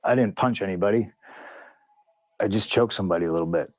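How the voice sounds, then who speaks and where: A man's voice: on the low side, quick pace, no room sound. A man telling a backstage story in an interview, heated and profane, acting out what others said. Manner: profane, heated retelling with lots of quoted dialogue. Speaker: interview guest, pro wrestler. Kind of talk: candid storytelling in a long-form interview.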